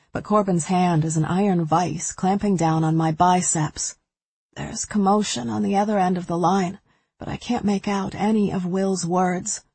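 A woman's voice: fairly low pitch, a little mellow, breathy edge, no echo. A woman reading a first-person thriller novel aloud with anxious tension. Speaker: audiobook narrator.

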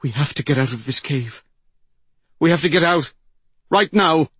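A man voicing a frightened, desperate old woman who cries out in a trembling, high voice. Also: expressive, moderate pace, fairly bright tone, breathy edge, dry recording. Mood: panicked.

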